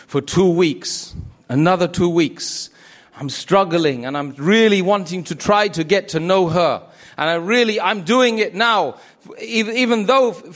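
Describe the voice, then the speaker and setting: A man telling his own conversion story in a religious talk, animated, acting out the voices he quotes and repeating phrases for emphasis. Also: high voice.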